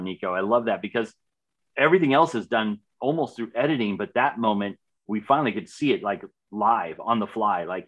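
A man's voice: fairly low pitch, a bit bright. A man co-hosting a podcast, chatting with enthusiasm about a TV series and often repeating words as he starts a thought. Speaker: podcast co-host. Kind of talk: casual chat reviewing a TV series.

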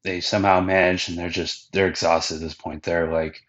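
A man's voice: low voice, flat delivery, normal speed, hardly any pauses, fairly bright tone, muffled recording. A man hosting a podcast, giving a loose, slangy recap of anime episodes with plenty of fillers and swearing. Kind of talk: casual recap chat.

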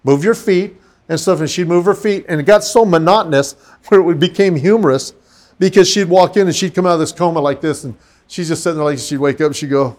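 In a fairly high-pitched, brisk voice, a man who serves as a pastor shares a story in relaxed conversation. He brings it to life animatedly, acting out the voices of the people involved.

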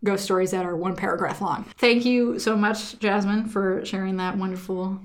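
A woman in her twenties co-hosting a podcast, telling a story casually with lots of laughter and animated asides. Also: medium pitch, normal speed. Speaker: podcast co-host reading listener stories. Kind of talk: casual chat.

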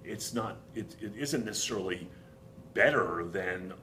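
Middle-aged Boston man, somewhat low voice, eager guest who stumbles into restarts, faint rumble behind. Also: animated, a little slow, sharp tone. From Boston, USA. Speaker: whiskey company founder, guest. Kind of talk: casual interview talk.

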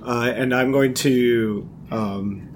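A man playing a tabletop game, speaking slowly and deliberately with hesitations. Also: mid-range voice, steady tone, slight background noise. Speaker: player.

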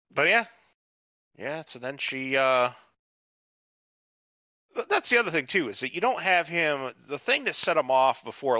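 A man's voice: mid-range voice, sharp tone, no room sound, highs cut off. A man co-hosting a podcast in casual chat, rambling and swearing freely with many restarts. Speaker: podcast co-host.

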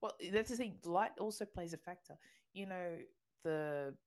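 An Australian woman with a low voice co-hosts a casual podcast. She tells stories in a chatty way, laughs often, and restarts her sentences as she goes. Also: normal speed, darkish tone. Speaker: podcast co-host. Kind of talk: casual chat.

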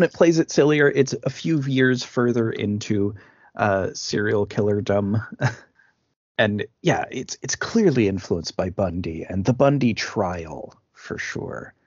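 A man's voice: on the low side, a little mellow, no room sound, highs cut off. A man co-hosting a podcast, chatting casually about a film with stammering restarts. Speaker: podcast co-host.

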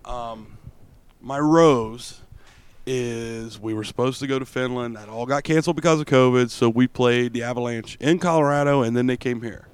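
A man co-hosting a casual podcast, telling a rowdy, profane story and breaking into loud outbursts. He sounds drunk. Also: medium pitch, moderate pace, smooth, dry recording. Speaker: podcast co-host. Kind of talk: casual chat.

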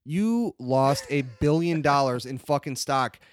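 A man co-hosting a comedy podcast, ranting loudly and swearing constantly. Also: mid-range voice, lively intonation, measured pace. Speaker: podcast co-host. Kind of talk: profane comedic podcast banter.

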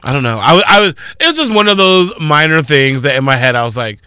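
A man co-hosting a morning radio show, telling stories in an animated way and acting out other people's voices. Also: fairly high pitch, fast, clear, resonant tone, dry recording, clean studio sound. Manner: animated storytelling, acts out quoted voices. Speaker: radio co-host. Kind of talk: casual morning radio chat.

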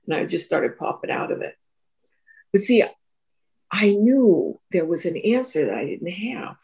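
A woman's voice: fairly low pitch, big pitch swings, unhurried, creaky, a little mellow. A woman who is a teacher and therapist tells a reflective personal story in an interview, talking earnestly and often repeating and restarting her phrases. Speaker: Three Principles teacher and therapist.

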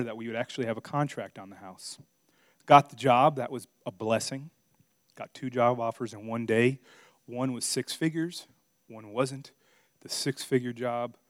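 A middle-aged man preaching a sermon, telling a personal story and swinging between quiet asides and loud, emphatic preaching. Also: medium pitch, no echo, studio quality. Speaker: pastor.

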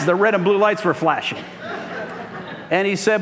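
A man's voice: high voice, normal speed, pauses often, a bit bright, big-room sound. A man pastor preaching a sermon, calling out for "Amen" from the congregation. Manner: call-and-response preaching, frequent "Amen?". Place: church sanctuary.

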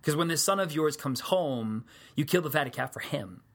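A man's voice: on the high side, lively intonation, moderate pace. A man preaching a sermon, telling the story in a casual, conversational way with joking asides.

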